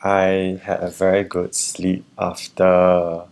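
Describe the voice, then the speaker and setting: Deep gravelly man. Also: completely flat delivery, slow pace, darkish tone. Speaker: vlogger. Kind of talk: casual conversation.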